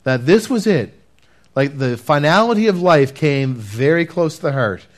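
A man preaching a sermon and telling his testimony earnestly, talking straight to the congregation and dropping to a hush at key moments. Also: a little high, expressive, normal speed. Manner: earnest, addresses listeners directly, swings from loud to hushed.

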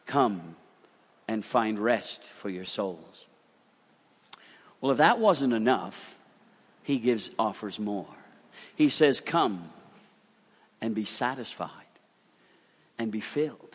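A man preaching a sermon with emphasis, dropping to soft, slow phrases and then rising loud again. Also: on the low side, in a large hall. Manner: emphatic, swings between soft drawn-out lines and loud ones.

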